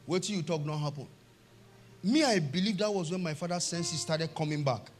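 A middle-aged Nigerian man preaching a sermon, telling a family story and swinging from hushed tones to shouts. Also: a little high, animated, normal speed, faint music behind. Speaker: pastor.

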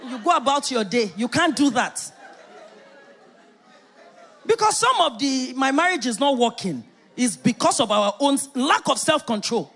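A middle-aged woman pastor preaching a sermon, emphatic and animated, with playful asides. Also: sits high, a little slow, pauses often, husky, a faint crowd.

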